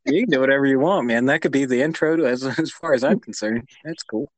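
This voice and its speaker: A man's voice: medium pitch, fast talker, no room sound. A man co-hosting a podcast in casual chat, easygoing and agreeable, with hesitant restarts. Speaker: podcast co-host.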